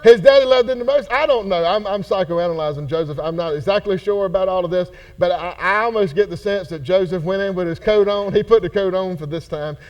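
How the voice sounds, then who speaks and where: Folksy male pastor, high voice, lively teaching in a church hall. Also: a little fast, few pauses. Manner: folksy, animated, acts out characters. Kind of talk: casual Bible study teaching.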